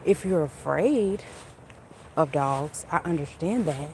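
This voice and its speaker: A woman's voice: sits low, slow pace, background noise. Chatty woman vlogging on a walk. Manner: chatty, animated, greets and answers viewers' comments. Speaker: livestream vlogger. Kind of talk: casual walk-and-talk livestream chat. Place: outdoors on a walk.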